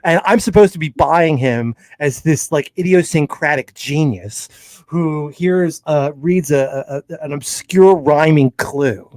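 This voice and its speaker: This is a man arguing in a casual film debate, emphatic and blunt, and he laughs at his own jabs. His voice sits a little high, and the recording is dry and close. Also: measured pace, darkish tone, no room sound. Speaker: co-host and film critic.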